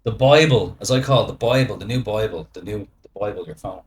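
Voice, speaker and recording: A middle-aged Irish man, a podcast guest, talking in a rambling, animated way, often checking in with "right?" and "you know". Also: on the low side, fast. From Ireland. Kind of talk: casual podcast chat.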